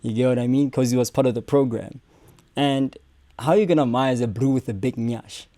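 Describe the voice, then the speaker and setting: A young man with a mellow, relaxed voice. He hosts a casual reaction stream, swearing freely and joking as he answers the clips. The sound is dry and close. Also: medium pitch, moderate pace, no echo. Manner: profane, joking, talks back at clips.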